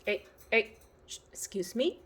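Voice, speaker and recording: A woman's voice: fairly high pitch, sing-song, a little slow. A woman vlogging about her pet budgies in casual, often searching for words and talking to the birds. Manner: non-native phrasing, searches for words. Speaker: bird-keeping vlogger. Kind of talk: casual vlog narration and talking to pets. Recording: noisy home recording with budgie chirps.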